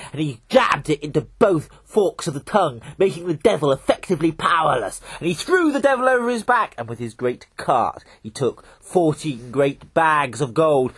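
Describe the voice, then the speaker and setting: A man telling a folk tale in an animated, dramatic way. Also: fairly high pitch, husky. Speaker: storyteller.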